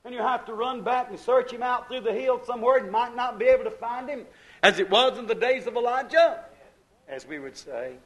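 A man preaching a sermon, rising to loud bursts and dropping to a hush. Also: very high voice, brisk. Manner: preaching with sudden loud bursts and hushed drops.

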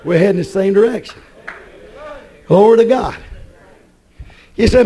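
A man preaching a fiery sermon, often shouting with a preaching cadence. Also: high-pitched, measured pace, pauses often, breathy edge, poor audio.

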